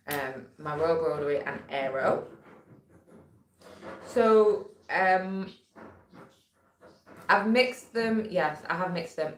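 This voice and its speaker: A woman's voice: fairly low pitch, a little hiss or hum. A woman hosting a casual live stream from home, chatting and reading out messages from the chat. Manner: chatty, reads chat messages aloud, trails off with fillers. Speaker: livestream host. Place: room at home. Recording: echoey room.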